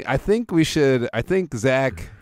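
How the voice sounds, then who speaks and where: A man's voice: mid-range voice, very animated, a little slow, a little mellow, no echo, studio quality. A man co-hosting a podcast in casual chat, playful and joking. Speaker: podcast co-host.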